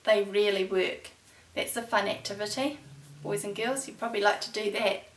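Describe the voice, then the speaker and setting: A woman, a preschool teacher who reads poems and chats to young children in a warm, sing-song, encouraging way. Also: mid-range voice, moderate pace. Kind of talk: storytime lesson for young children. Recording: echoey room, voice from far off the mic.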